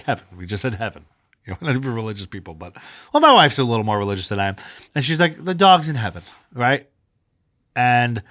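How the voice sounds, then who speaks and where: A man rambles through family stories as a podcast co-host. He speaks at a middle pitch, heavy with fillers. The recording is close and dry. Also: fairly bright tone, dry recording. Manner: rambling, frequent fillers, laughs at own stories. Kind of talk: casual chat.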